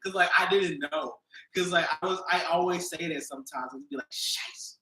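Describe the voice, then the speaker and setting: A young man hosting a podcast, telling stories in casual chat and jumping into high-pitched voices when he quotes people. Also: fairly quick, sharp tone. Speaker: podcast host. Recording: echoey room.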